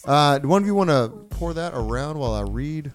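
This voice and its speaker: A man's voice: on the high side, expressive, fairly quick, music in the background. Loose, profane young man co-host. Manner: loose, profane, laughs often. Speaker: podcast co-host. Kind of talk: casual chat.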